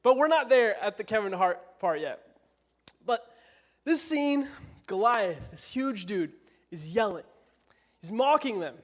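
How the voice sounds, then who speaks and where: A man's voice: sits high, animated, unhurried, long pauses. A young man preaching a casual youth sermon in a church, joking and self-deprecating.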